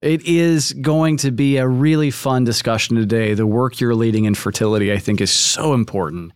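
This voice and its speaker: A male podcast host at a mid-range pitch, speaking in a deliberate, emphatic way and stretching his key phrases. His voice is dry and close, with almost no room sound, as if he is at a studio mic. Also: clear, resonant tone, no room sound. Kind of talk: interview podcast hosting.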